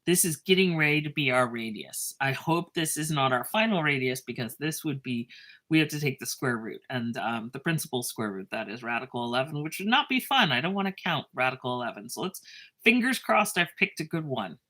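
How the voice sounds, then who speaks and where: A woman teaching a math lesson in a chatty, self-mocking way, with lively asides and a drawn-out pace while she writes. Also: very deep voice.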